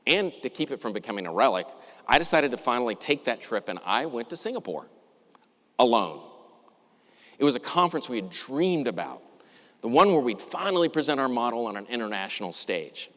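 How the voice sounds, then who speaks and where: A middle-aged man telling a personal story in a talk, reflective and measured, with deliberate pauses. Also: medium pitch, fairly bright tone. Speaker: university administrator giving a talk. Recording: long reverb, as in a hall.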